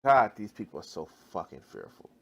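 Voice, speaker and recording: A man's voice: fairly low pitch, very animated, fairly quick, vocal fry, slightly rough. A man ranting in a reaction video, exasperated and heavily profane, often restarting mid-sentence. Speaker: video commentator.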